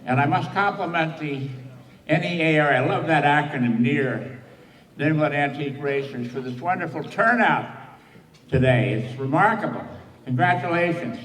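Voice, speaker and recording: A man's voice: fairly high pitch, moderate pace, fairly bright tone. A man in his eighties giving a chatty, wry acceptance speech and joking with the room. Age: 80s. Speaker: award recipient. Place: banquet hall. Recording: echoey banquet hall from far off.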